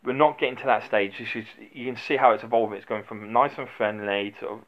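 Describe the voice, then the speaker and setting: Blunt man with a lowish voice. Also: steady tone, fairly quick, dull audio. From United Kingdom. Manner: blunt and rambling, many fillers and restarts. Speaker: former nightclub doorman giving advice. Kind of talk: casual instructional vlog.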